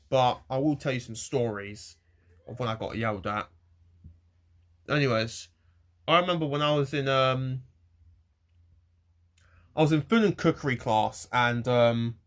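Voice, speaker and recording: A young man ranting to camera in a rambling, halting way, swearing freely. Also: mid-range voice. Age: young adult. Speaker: vlogger. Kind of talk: casual rant to camera.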